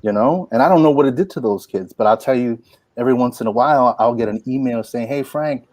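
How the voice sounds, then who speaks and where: A man in his forties, a poet and workshop teacher, telling stories in an animated, folksy way full of "like" and "you know". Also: medium pitch, fast talker, no room sound. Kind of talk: inspirational storytelling talk.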